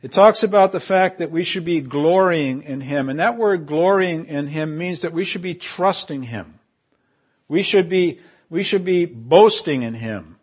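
A man preaching a sermon to his congregation, building loud on key phrases, dropping to quiet asides and leading call and response. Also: fairly high pitch, measured pace, husky. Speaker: pastor.

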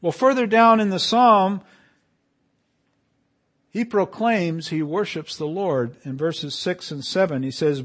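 A man preaching a sermon to his congregation, quoting scripture with emphatic swells and quiet drops. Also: high voice, slow, pauses often. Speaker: pastor.

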